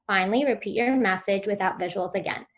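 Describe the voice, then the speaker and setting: A woman giving a virtual conference talk on speech therapy, explaining in a clear, instructive way and sometimes modeling sounds for children. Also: medium pitch, fast talker.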